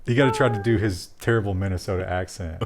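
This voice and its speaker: A man's voice: sits low, fast, slight background noise. A man co-hosting a casual tech news show, joking wryly and trailing off into restarts.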